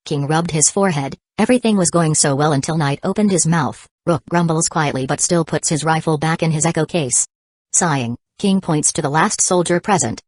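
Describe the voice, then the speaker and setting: A woman narrating an audiobook in a steady, even reading voice. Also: sits low, a little fast, dry recording. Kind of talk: scripted narration.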